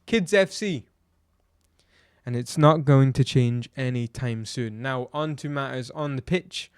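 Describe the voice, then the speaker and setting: A man's voice: medium pitch, measured pace, smooth, no room sound. Man, blunt football vlogger, exasperated rant, rhetorical questions, dry room. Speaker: football fan reviewer. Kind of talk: opinionated match review vlog.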